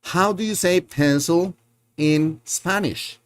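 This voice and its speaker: Slow, patient male language teacher. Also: on the high side, lively intonation. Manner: patient, repeats words and drills learners; self-correcting, thinks aloud. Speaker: Spanish teacher. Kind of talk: live online language lesson.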